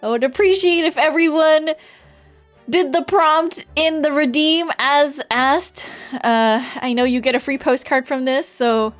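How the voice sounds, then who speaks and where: A woman's voice: sits high, slow, soft background music. A woman co-hosting a stream, politely addressing chat and laughing often. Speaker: streamer co-host. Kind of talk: casual live-stream chat.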